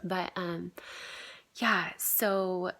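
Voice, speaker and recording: A woman's voice: on the low side, steady tone, drawn-out words, sharp tone. A woman in her thirties telling a personal healing story in a casual, earnest way, with frequent fillers and a voice that trails into a whisper at the end of phrases. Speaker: vlogger sharing a healing story.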